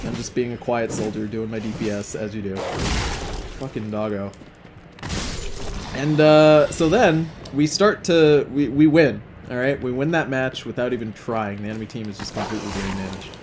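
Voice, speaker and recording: Young male let's-play host, rambling and profane, mid pitch, faint background noise. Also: steady tone, normal speed. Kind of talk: casual gameplay commentary and storytelling.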